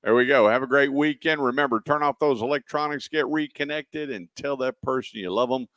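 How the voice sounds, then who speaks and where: A man's voice: medium pitch, fairly quick, no echo. A man hosting a car radio show, telling folksy stories in casual studio chat and acting out the voices of people in them. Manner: folksy, animated storyteller acting out quoted voices.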